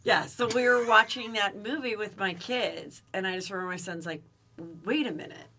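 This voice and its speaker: A woman's voice: mid-range voice, fairly even intonation, normal speed, sharp tone, far from the mic, a little hiss or hum. A woman hosting a podcast, chatty, asking follow-up questions in casual conversation. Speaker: podcast host.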